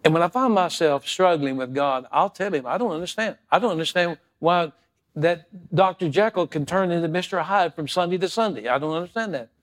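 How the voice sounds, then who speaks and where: A male pastor preaching a sermon, moving from quiet, prayerful talk to loud, fervent passages and acting out stories in character voices. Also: on the high side, expressive, brisk.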